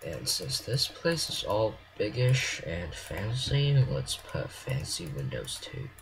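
Man, rambling and self-conscious game commentary, unhurried delivery, very animated up and down in pitch. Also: a little hiss or hum, low-quality recording. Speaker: game creator. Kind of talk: casual building commentary. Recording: clear mouse clicks and typing.

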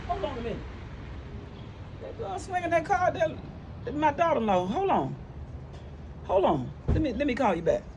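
A man's voice: very high-pitched, sing-song, normal speed, pauses often, darkish tone, slight background noise, heavily acted. Older preachy mother-in-law, folksy and scolding, voiced by a man. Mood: chatty. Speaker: comedy sketch actor.

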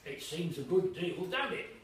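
A jolly, greedy inn waiter, put on by a male reader, booming high and loud with drawn-out, wheedling exclamations. It is heard from across an echoey room. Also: big pitch swings, background noise. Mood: hearty, wheedling. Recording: echoey room, mic at a distance.

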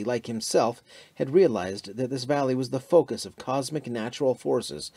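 Warm-voiced male audiobook narrator. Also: mid-range voice, husky, dry recording. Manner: expressive storytelling.

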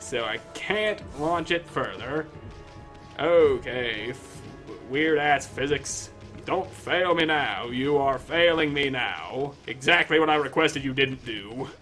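Bright-voiced joking man playing a game. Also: medium pitch, slow pace, soft background music. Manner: sarcastic, joking asides. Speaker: gamer commentator. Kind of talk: casual game playthrough commentary.

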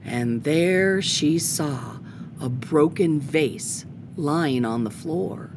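A woman host reading a children's picture book aloud, expressive and unhurried. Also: sits low, background noise. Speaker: storytime host.

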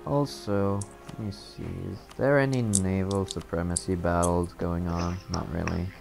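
A man's voice: sits low, steady tone, unhurried, gravelly. A man joking and swearing in casual chat with friends while playing a strategy game. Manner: profane, joking commentary. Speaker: game player. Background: game music.

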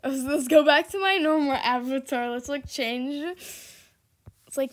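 A young woman giving casual, giggly commentary over her own gameplay, chatty and shifting between loud squeals and quiet mutters. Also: high voice, measured pace. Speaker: gaming video creator.

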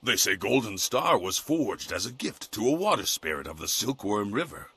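A dignified old weapon master from a video game, with a low, husky voice and a lively, swooping delivery. His speech is formal and measured, like a patient teacher. The sound is dry and close. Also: no echo, heavily acted.

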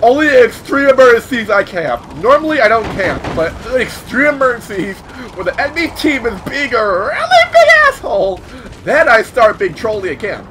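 A young man with a high, bouncy voice chats excitedly over a shooter game, swearing freely and yelping whenever he takes a hit. Clear game noise with gunfire runs under his voice. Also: normal speed. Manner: excitable, swears a lot, yelps at hits. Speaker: gaming YouTuber. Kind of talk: casual gameplay commentary.

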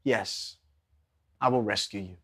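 A man voicing the Lord as a gentle, firm male divine voice in a sermon, speaking hushed, slow and patient. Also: on the low side, pitched below the performer's own voice. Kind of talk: acted-out sermon dialogue.

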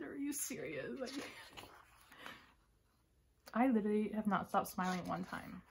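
Girl flipping through a photobook and freaking out, mid-pitch voice, soft whispery bits, faint hiss behind. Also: unhurried, pauses often. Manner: gushing, excitable, drops into breathy whispers. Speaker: vlogger unboxing a photobook. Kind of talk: casual unboxing commentary.

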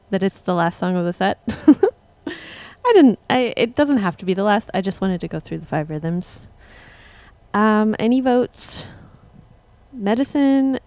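A young woman musician casually chatting with her livestream viewers between songs, relaxed and rambling. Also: medium pitch, dry recording. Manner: relaxed, rambling, laughs at herself.

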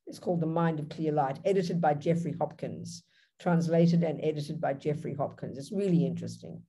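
An Australian woman teaching Buddhism over a video call, explaining directly and with animation. Her voice sits a little low, with a mellow, husky tone. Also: normal speed. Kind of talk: dharma teaching with Q&A.

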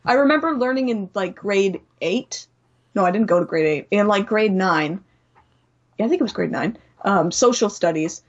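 Her expressive, mid-range voice moving at a normal speed, a young woman from Canada guests on a podcast, speaking frankly, swearing without restraint and acting out the people she describes. Audio is a bit dull.

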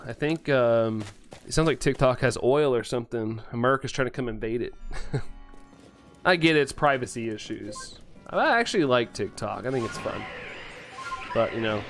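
A male game streamer reading his live chat aloud, excitable and quick to thank viewers, laughing often. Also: mid-range voice.

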